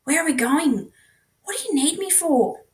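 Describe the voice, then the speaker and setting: A woman voicing a frightened teenage boy who asks high, hushed, urgent questions. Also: animated, moderate pace. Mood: anxious.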